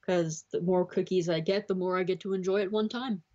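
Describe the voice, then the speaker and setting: A woman's voice: on the low side, fairly even intonation, fairly quick, dark tone. A woman from Scotland in casual, giggly, teasing chat with a friend. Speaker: co-host and friend. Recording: slightly muffled audio.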